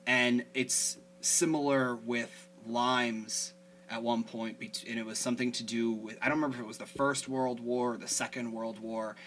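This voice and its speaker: A man's voice: mid-range voice, flat delivery, moderate pace, a bit bright, a little hiss or hum. A man hosting a casual podcast chat, rambling with lots of fillers. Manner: chatty, rambling, many fillers. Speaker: podcast host.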